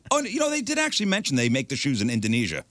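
Lively host guy, bright tone, jokes around and steers the chat. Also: medium pitch, racing, no room sound. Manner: animated, jokey, leads the talk. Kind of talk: casual podcast chat.

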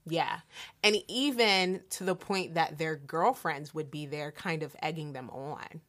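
A young woman from Delaware in casual conversation, reflective and quick to laugh. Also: sits low, fairly bright tone.

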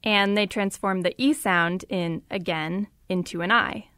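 A woman's voice: mid-range voice, steady tone, unhurried, a bit bright, slight background noise. A woman reporter giving scripted, conversational podcast narration.

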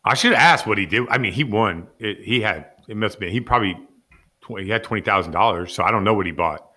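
Bright-voiced man telling a wild story. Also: fairly low pitch, fast talker. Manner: lively anecdote-telling with heavy "like" fillers and acted-out quotes. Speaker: podcast guest, former player. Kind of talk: animated storytelling.

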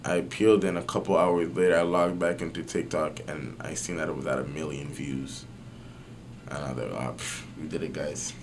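A young man, slightly low-voiced, chats on a podcast in loose slang, swearing and stacking fillers as he tells his story. His pitch leaps when the excitement builds. A faint hum sits under the recording. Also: fairly quick. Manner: slangy, animated, swears often, many fillers. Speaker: podcast guest. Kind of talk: casual storytelling chat.

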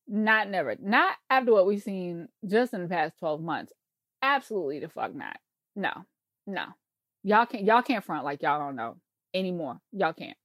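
A woman's voice: mid-range voice, sing-song, unhurried, no echo, studio quality. A woman co-hosting a podcast, ranting in casual conversation, emphatic and profane. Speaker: podcast co-host.

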